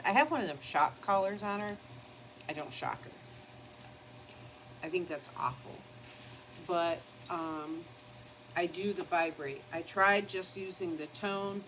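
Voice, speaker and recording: A woman's voice: on the low side, a little slow, long pauses, fairly bright tone, slight background noise, low-quality recording. An older woman chatting casually while doing her makeup at her home vanity, rambling and now and then scolding her dog. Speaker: beauty vlogger. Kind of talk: casual get-ready-with-me chat.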